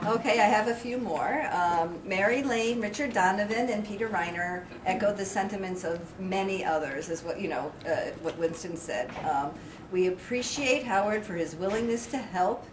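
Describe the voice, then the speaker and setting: A woman reading out colleagues' farewell quotes at a work party, laughing between them and pausing on filler words. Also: mid-range voice. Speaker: party organizer reading tributes. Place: office party room. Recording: echoey room, distant mic, loud background noise.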